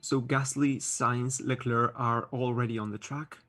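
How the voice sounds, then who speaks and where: A man's voice: medium pitch, level tone, measured pace, fairly bright tone. Casual streamer, male, non-native English speaker, hesitant and chatty, faint music underneath. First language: not English. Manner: chatty, hesitant with many fillers and restarts. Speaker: livestream host reading chat. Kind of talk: casual live-stream commentary.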